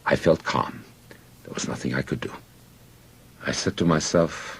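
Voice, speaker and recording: A man narrating an audiobook in first person with measured storytelling. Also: very deep voice, vocal fry, breathy edge.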